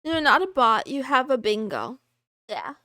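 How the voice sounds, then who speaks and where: High-pitched giggly woman streamer, chatty and excitable, dry close sound. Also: measured pace, dry recording. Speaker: live streamer. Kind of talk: casual chat reading live chat.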